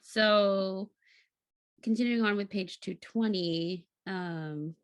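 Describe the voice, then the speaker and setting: A woman's voice: medium pitch, slow pace, smooth, no echo. A chatty woman co-hosting a book club podcast, who laughs easily and trips over long words. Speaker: podcast co-host. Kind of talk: casual book club chat.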